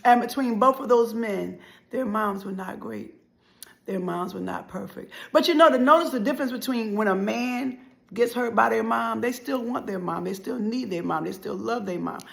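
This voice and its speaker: A middle-aged woman giving an impassioned motivational speech, preacherly and repetitive, swinging between loud and soft. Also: on the high side, moderate pace, gravelly. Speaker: motivational life speaker.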